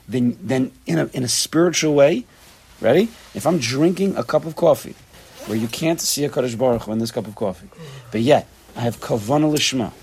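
A man teaching an informal Torah class to a small group, talking in an animated way that repeats phrases and mixes in Hebrew and Yiddish terms. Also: mid-range voice, slightly rough.

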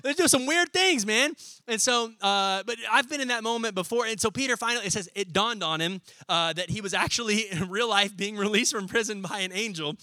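A young man preaching a sermon as pastor, talking in a lively, casual way and acting out little scenes as he goes. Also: high-pitched, no echo. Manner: animated, conversational, acts out scenes in quick voices.

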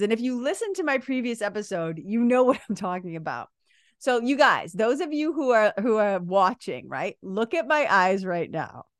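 Animated New woman telling a story. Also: on the high side, no room sound, studio quality. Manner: animated, laughing, swears freely. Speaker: podcast host. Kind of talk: casual storytelling monologue.

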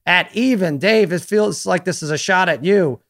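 A man's voice: high-pitched, moderate pace, a bit bright. A man hosting a casual podcast chat with a slightly raised voice. He talks in a playful way and keeps throwing questions at the others. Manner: playful, quizzing. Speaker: podcast host.

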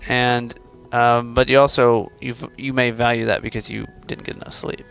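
A man hosts a conversational coaching interview, and his voice has a gravelly creak at a middling pitch. He keeps prodding with questions, playful but encouraging. Faint music sits quietly beneath him. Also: level tone, normal speed. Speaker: host coaching a student.

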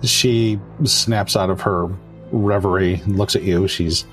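A man's voice: low-pitched, steady tone, a little slow, soft background music. A man narrating as game master, casual and asking questions of the players.

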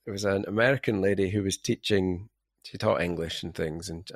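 A man's voice: sits low, a little fast, no room sound, studio quality. A man hosting an interview, chatting casually and telling rambling travel stories. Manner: rambling, anecdotal storyteller. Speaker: podcast host.

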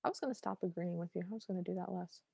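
A woman's voice: on the low side, rapid-fire, gravelly, dark tone, slightly rough, no echo. A woman co-hosting a podcast, recapping a film in casual chat and acting out quoted lines with enthusiasm. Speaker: podcast co-host.

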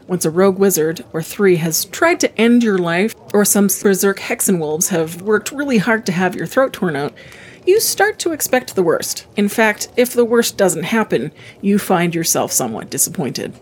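A woman's voice: mid-range voice, sing-song, moderate pace, a little hiss or hum. Woman reading and summarizing a book.

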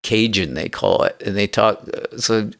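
A man's voice: on the low side, expressive, moderate pace, vocal fry, fairly bright tone. A man chatting easygoing and chatty in a casual interview, often laughing between his words.

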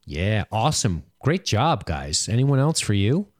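Young male podcast co-host, low and animated, casual and profane, dry close recording. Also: measured pace, no echo. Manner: laughs often, swears casually, lively delivery. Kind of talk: casual chat reading listener comments.

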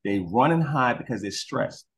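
A man telling stories in a casual interview as a guest. He swears freely and acts out dogs and people in quick voices. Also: mid-range voice, animated, slight background noise. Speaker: guest, crime scene investigator. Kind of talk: animated storytelling in casual interview.

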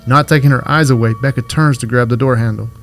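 A man reading a horror story aloud as scripted narration, in a steady, even way. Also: mid-range voice, quick pace, faint music behind.

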